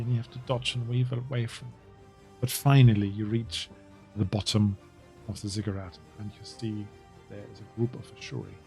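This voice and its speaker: A man narrating as game master in a tabletop role-playing game, describing scenes in an unhurried way. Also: fairly low pitch.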